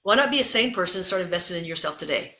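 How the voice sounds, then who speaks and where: A woman's voice: fairly low pitch, animated, rapid-fire, bright, forceful tone, echoey room. A woman leadership coach, a guest in an interview, talking with energy and repeating phrases for emphasis.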